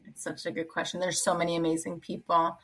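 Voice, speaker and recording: A woman's voice: on the low side, completely flat delivery, fast talker, poor audio. A woman in her thirties, a Jewish educator, chatting casually as a podcast guest with lots of filler words. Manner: chatty, many "like" and "you know" fillers.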